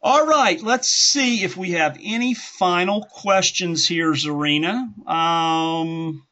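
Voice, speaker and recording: A man's voice: sits high, takes it slowly, bright, forceful tone. Man rambling through a lo-fi teaching call. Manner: rambling, self-correcting, folksy. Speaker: instructor hosting a group call. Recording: dull lo-fi call audio.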